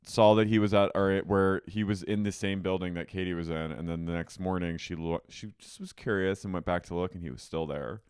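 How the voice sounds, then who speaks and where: A man's voice: sits low, fairly quick, hardly any pauses, clear, resonant tone, no echo, clean studio sound. A man co-hosting a podcast, chatting casually and gushing as he recaps a reality show. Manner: animated, gushing, breaks into shrieky impressions. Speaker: podcast co-host.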